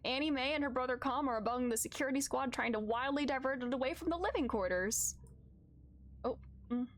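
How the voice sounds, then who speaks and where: A woman with a high voice streams a story game, reading its text aloud in an even, narrating tone. She often breaks off to react, crying out in open distress at what happens on screen. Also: brisk, a little hiss or hum. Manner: expressive, shifts from calm reading to loud distressed outbursts.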